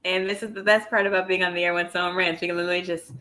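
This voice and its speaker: A woman co-host on a wrestling stream with a lowish, bright, sharp voice. She talks fast and lays out her points firmly. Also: flat delivery. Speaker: wrestling review show co-host. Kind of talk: livestream chat.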